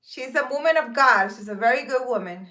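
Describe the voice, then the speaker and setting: A woman's voice: a little high, a little fast, pushed and bright. A woman in her thirties talking earnestly and emphatically to her live-stream viewers about relationships and faith, outdoors in a park. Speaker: live-stream host and spiritual advisor. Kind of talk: casual spiritual advice talk on a live stream.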